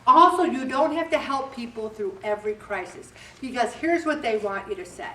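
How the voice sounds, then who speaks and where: The leader of a weight loss group, a woman in her seventies, talks to members in a chatty, direct motivational style, playing out little dialogues to illustrate her points. Her fairly high, animated voice has a sharp edge and a moderate pace, heard from a distance in a roomy space with faint background hum.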